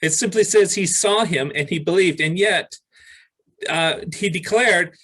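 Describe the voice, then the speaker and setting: A male pastor preaching a sermon, reading scripture aloud with pauses and restarts. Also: high-pitched, pushed and bright, poor audio.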